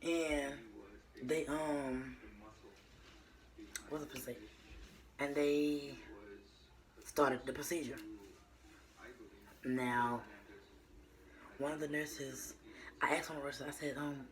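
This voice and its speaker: Young woman vlogger, warm chatty storytime delivery with lots of ums and restarts. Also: very deep voice, fairly even intonation, a little slow, pauses often, poor audio. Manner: chatty and meandering, with many fillers and restarts; addresses viewers as y'all. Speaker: vlogger telling her birth story. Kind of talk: casual storytime.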